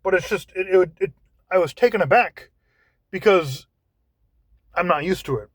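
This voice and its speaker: Halting man with a higher voice. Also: fairly bright tone, no room sound. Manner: halting, repeats words while searching for phrasing. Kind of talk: casual monologue.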